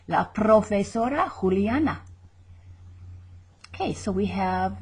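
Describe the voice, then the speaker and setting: Middle-aged woman teacher, patient explainer, slow and very breathy delivery. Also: fairly low pitch, a little mellow. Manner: slow, patient explaining, repeats words carefully. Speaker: Spanish teacher. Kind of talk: recorded online lesson.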